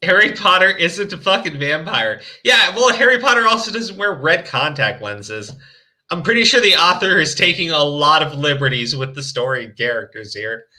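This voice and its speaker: A man's voice: a little high, animated, normal speed, sharp tone. A male streamer chatting casually and mockingly reading a fan story aloud, often laughing and stumbling over his words. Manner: laughing, crude, hesitant restarts.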